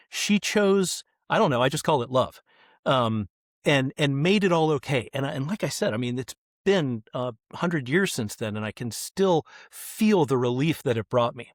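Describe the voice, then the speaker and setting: A middle-aged man on a podcast, telling stories in an animated way and acting out the voices of the people in them. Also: fairly high pitch, normal speed, dry recording, studio quality. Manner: animated, acts out quoted voices. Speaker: kids ministry guest. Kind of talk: podcast interview storytelling.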